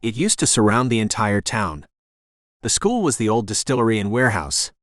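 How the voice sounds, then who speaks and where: A man voicing an energetic woman in her sixties who runs a bed and breakfast, speaking rapid-fire with a faint Jamaican accent. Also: lowish voice, no echo, clean studio sound. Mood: chatty.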